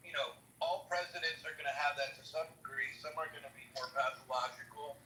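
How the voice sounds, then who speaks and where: A man joining a podcast from his car, reasoning aloud in a measured way. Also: mid-range voice, flat delivery, sharp tone. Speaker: podcast guest calling in. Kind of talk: casual political chat. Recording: distant echoey line with faint noise.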